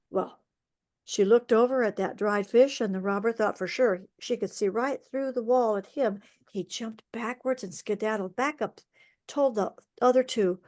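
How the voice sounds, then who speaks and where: A woman storyteller telling a folk tale aloud over a video call, lively and expressive, with vocal sound effects. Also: a little high, unhurried.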